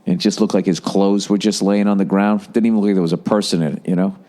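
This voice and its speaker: A middle-aged man with a lowish voice tells a long story on his podcast. He rambles, swears a lot, and breaks into animated impressions. A cough he can't shake hangs over his talk. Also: fast talker. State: lingering cough. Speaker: podcast host. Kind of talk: casual storytelling monologue.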